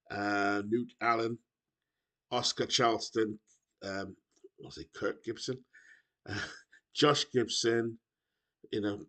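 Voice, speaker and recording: A British man with a somewhat low voice talks casually to his audience. He rambles and keeps correcting himself mid-sentence. The sound comes through a laptop microphone. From United Kingdom. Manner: rambling, self-correcting, chatty. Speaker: video game streamer. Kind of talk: casual chat to camera.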